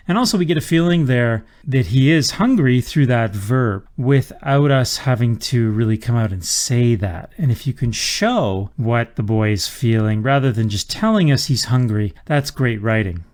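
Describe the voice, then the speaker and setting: A man's voice: medium pitch, expressive, normal speed, hardly any pauses, a little mellow. A man teaching a writing lesson in an explanatory manner, reading example sentences aloud. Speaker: writing instructor. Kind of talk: lecture on writing.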